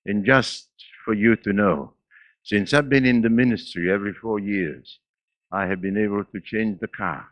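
A man in his eighties with a foreign accent, preaching a sermon in church with laughs and sudden swings between loud and quiet. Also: lowish voice, normal speed, dry recording, lo-fi sound. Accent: non-native English. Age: 80s. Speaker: pastor.

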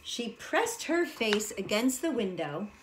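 A woman preschool teacher reads a storybook to young children, animated and drawing them in with questions. Her voice is fairly high, lilting and very unhurried. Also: a little hiss or hum. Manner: animated, addresses the children directly.

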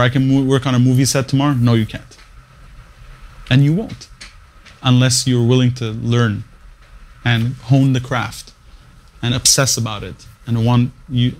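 A man with a mid-pitched voice speaks in an interview about his path as a radio morning show producer. He talks in short, punchy phrases and often restarts his sentences. He leans hard on key words as he gives blunt career advice.

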